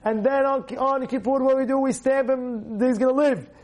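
A man, a rabbi, giving a Torah class, animated, firing rhetorical questions and repeating phrases for emphasis. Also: extremely high pitch, moderate pace.

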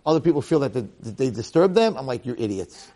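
A man, a rabbi giving a casual Torah talk full of personal stories. He gets excited, jumping high and loud to make a point, then dropping low and quiet. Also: fast.

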